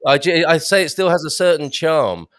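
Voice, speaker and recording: A man's voice: on the high side, lively intonation, moderate pace, dry recording. Chatty man hosting a live stream. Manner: chatty, warm banter with viewers, stumbling restarts. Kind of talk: live stream chat reading comments.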